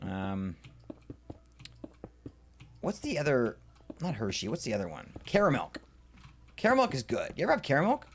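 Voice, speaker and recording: A man's voice: mid-range voice, normal speed, long pauses, slight background noise. A man streaming live, chatting casually with his viewers as he builds and ranting playfully, sometimes muttering under his breath. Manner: excitable and rambling, reacting to chat with playful rants. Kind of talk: casual livestream chat while building in a game.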